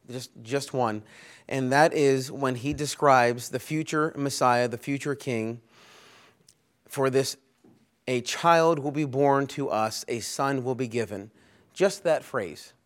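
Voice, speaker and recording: A man preaching a Sunday sermon, earnest and emphatic, building his points through long lists with rising force. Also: a little high. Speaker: pastor. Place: church.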